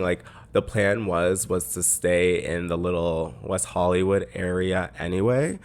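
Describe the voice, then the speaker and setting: A man with a deep voice tells a story on his podcast, chatty and peppered with "like." He sits close to the microphone and talks casually. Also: fairly even intonation, a little slow, hardly any pauses. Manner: chatty, lots of "like" fillers. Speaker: podcast host.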